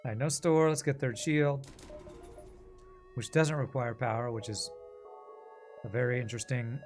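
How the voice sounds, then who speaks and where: A man's voice: mid-range voice, steady tone, normal speed, darkish tone. A man streaming a game, chatting casually and sarcastically with his viewers while he plays. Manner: sarcastic, joking, talks to chat. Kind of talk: casual gameplay commentary with chat. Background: game music.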